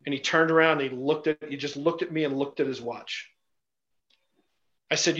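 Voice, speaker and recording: A man speaking a little higher than most men, telling personal stories as an interview guest. He talks bluntly and swears freely, with lots of "you know" and "like". The recording sounds dull and lo-fi. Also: steady tone, normal speed, long pauses, fairly bright tone. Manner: blunt and profane, with frequent fillers. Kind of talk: casual storytelling.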